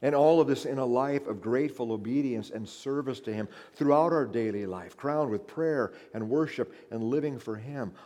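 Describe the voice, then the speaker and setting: A man's voice: mid-range voice, dark tone. Fervent male preacher in a reverberant hall. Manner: fervent, emphatic, addresses listeners as beloved. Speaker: pastor. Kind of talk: sermon.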